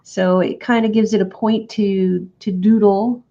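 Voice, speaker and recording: A woman's voice: mid-range voice, steady tone, measured pace, warm tone, muffled recording. A woman co-hosting a crafting session, chatting casually and chuckling between remarks. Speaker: crafting co-host. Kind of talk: casual chat while crafting.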